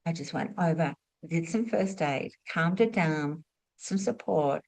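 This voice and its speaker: A middle-aged woman, a spiritual teacher and former nurse, telling stories as a lesson and asking rhetorical questions, moving between lively and hushed delivery. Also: low-pitched, unhurried, creaky. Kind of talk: storytelling teaching talk.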